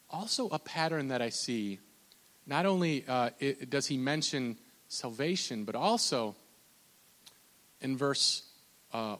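A man's voice: mid-range voice, fairly bright tone. A man preaching a sermon as a pastor, impassioned and repetitive, often restarting his phrases and stammering repeated words. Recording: long hall reverb.

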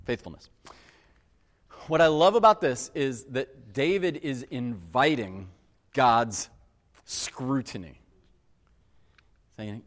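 A man preaching a sermon. He tells a personal story in an earnest, animated way and keeps addressing the crowd as guys. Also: medium pitch, takes it slowly, long pauses. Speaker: pastor. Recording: long reverb of a large hall.

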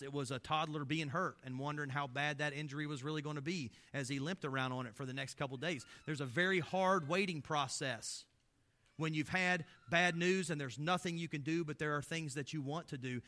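A man preaching a sermon as pastor, impassioned, asking many rhetorical questions and swinging between loud emphasis and hushed low passages. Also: fairly even intonation, fairly quick. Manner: impassioned, full of rhetorical questions, swelling and dropping in loudness.

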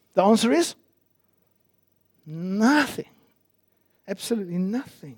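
A man's voice: high voice, normal speed, darkish tone. A male pastor preaching a sermon in a church, emphatic and asking his listeners many rhetorical questions.

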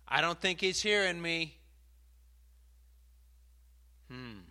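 A man preaching a sermon, animated and building to emphatic outbursts, stopping now and then to sort out his slides. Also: medium pitch. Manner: pauses mid-talk to sort out slides.

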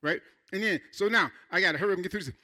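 Male pastor, high voice, very bright tone; lively sermon delivery with playful asides. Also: racing. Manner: animated preaching with playful asides and acted quotes. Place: church.

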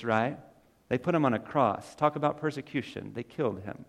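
A man's voice: medium pitch, normal speed, gravelly. A man preaching a sermon in a church, telling a story and building to emphatic peaks. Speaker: pastor. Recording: reverberant hall.

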